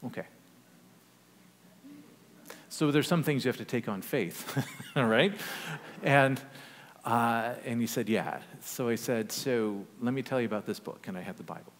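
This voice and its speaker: A male pastor preaches in a relaxed, storytelling way, tossing in wry asides as he goes. His medium-pitched voice rings out with a long reverb, as in a church sanctuary. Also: a little slow, pauses often. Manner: conversational, animated storytelling with asides. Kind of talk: sermon storytelling.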